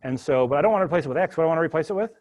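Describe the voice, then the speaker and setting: A university instructor races through a live spreadsheet coding lecture in a fairly high voice, narrating every step with animated, jokey asides. The recording has its highs cut off.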